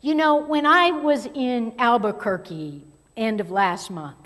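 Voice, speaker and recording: Woman pastor, sermon, slow and deliberate, emphatic then hushed, reverberant sanctuary. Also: fairly high pitch. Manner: expressive, swings between loud emphasis and near-whispered asides. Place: church sanctuary. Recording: long hall reverb.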